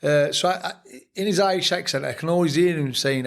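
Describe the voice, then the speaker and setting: A man's voice: a little high, fairly quick, gravelly. An older man with a Sheffield accent, a boxing trainer telling reflective, blunt stories as a guest on a casual podcast interview. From England.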